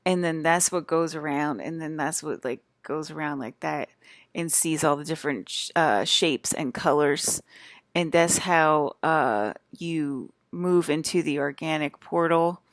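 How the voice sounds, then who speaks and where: Deep-voiced and a little slow, this woman is recorded dry. An adult vlogger with kids, she chats loosely to her viewers from a hotel room, drifting between topics and breaking off sentences to start them over.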